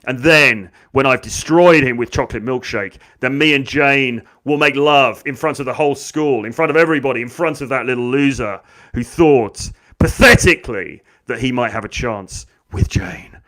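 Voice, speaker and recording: A man's voice: medium pitch, moderate pace, a bit bright, natural voice. A man voicing a cocky teenage male school bully who boasts and taunts. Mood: gloating.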